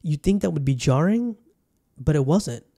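A man's voice: on the high side, animated, moderate pace, vocal fry, warm tone. A man hosting his own podcast, chatting casually and rambling, often restarting his sentences as he talks straight to his listeners. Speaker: podcast host. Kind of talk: casual solo podcast chat. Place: Bangkok.

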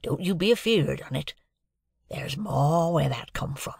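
Old convict, slow and husky, hoarse hush; narrator voices him. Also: male voice, on the high side, animated, dry recording, clean studio sound, full character voice. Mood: boastful. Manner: coarse dialect, hoarse hushed urgency. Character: rough older male convict, fiercely devoted.

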